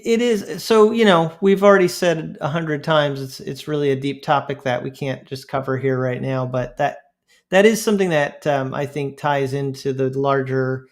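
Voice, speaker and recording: A man hosting a casual podcast chat, asking questions and laughing easily. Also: on the high side. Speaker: podcast host.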